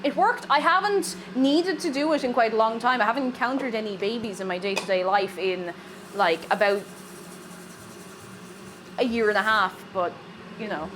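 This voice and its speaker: A woman's voice: a little high, normal speed, pauses often, a bit bright, a little hiss or hum. A young Irish woman streaming from her home kitchen, chatting casually, rambling through asides and reading viewer messages aloud. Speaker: streamer baking live.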